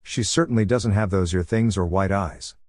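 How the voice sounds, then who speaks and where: A man's voice: low voice, normal speed, a little mellow, no room sound, studio quality, close to an everyday voice. Jiraiya, as a man reads a boastful older sage. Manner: boastful, offhand.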